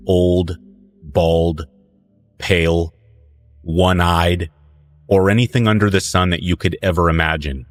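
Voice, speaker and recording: A man with a very low voice narrates a horror tale in a slow, deliberate, low-key way. He grew up in northern New Mexico, and soft music plays quietly behind him. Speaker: storyteller. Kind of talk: calm scripted horror narration.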